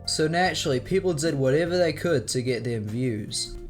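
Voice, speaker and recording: A man's voice: a little high, expressive, normal speed, soft background music. A young man narrating scripted commentary in a sarcastic, profane way. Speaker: video commentator.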